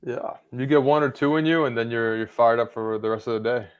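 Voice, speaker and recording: A man's voice: medium pitch, fairly quick, clean tone. A male host in a casual chat, teasing his co-host and setting playful challenges.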